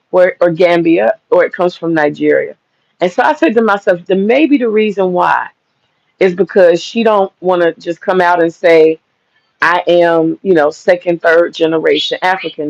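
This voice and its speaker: A woman hosting a live stream, ranting bluntly and with lots of swearing while lying down, her voice sounding deep. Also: vocal fry, a little mellow, dry recording, muffled recording. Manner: blunt, profane, rambling. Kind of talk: casual live-stream rant. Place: lying down at home.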